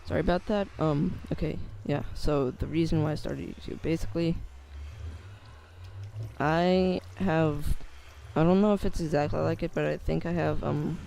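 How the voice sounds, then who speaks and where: Teenage male YouTuber, nervous and halting delivery, slightly high voice with a gravelly edge. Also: fairly even intonation, mellow, slight background noise. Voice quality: voice cracks. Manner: hesitant, many fillers and restarts. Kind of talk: casual vlog monologue.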